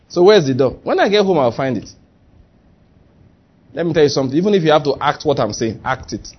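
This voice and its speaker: A man with a Nigerian accent, preaching a lively sermon and acting out quotes. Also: high-pitched, fast, husky, highs cut off. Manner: lively, chatty preaching with acted-out quotes and laughter. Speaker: pastor.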